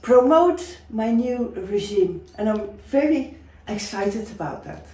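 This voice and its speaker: A woman's voice: on the high side, expressive, warm tone, roomy sound, recorded from a distance, poor audio. A woman with a Dutch accent playing an eager beautician who promotes her treatment and gushes. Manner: slow, gushing saleswoman.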